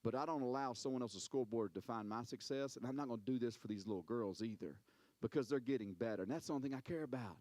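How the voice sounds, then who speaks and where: A man preaching a sermon as a pastor, telling stories in an animated way, repeating words and acting out quotes. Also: mid-range voice, fast, no room sound.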